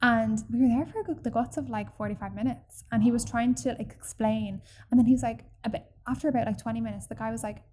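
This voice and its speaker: A woman telling a personal story in casual podcast chat, animated and full of fillers. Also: a little high, fast, few pauses, a little hiss or hum. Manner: chatty and animated, acts out quoted people, many fillers.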